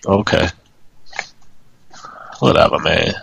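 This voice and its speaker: A man's voice: extremely low pitch, slow, creaky, slight background noise. A man co-hosting a wrestling podcast, talking casually with brash swearing and teasing. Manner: brash, animated, swears freely. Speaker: podcast co-host.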